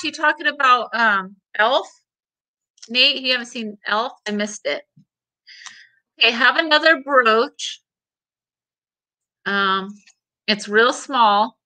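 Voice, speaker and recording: A woman's voice: fairly high pitch, slow, pauses often, sharp tone, poor audio. A middle-aged woman hosting a casual live sale of vintage items, chatty and rambling as she answers viewer comments and laughs often.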